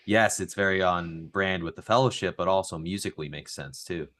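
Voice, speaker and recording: Low, quick-talking male host, eager and encouraging with his group. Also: fairly bright tone, a little hiss or hum. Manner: enthusiastic, encouraging. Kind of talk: casual group chat.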